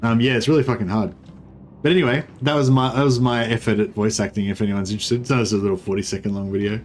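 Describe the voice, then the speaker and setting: A man's voice: fairly low pitch, steady tone, quick pace, a little hiss or hum. A young Australian man giving rambling, laid-back commentary while streaming a strategy game, full of fillers. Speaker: gaming streamer. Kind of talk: casual livestream commentary.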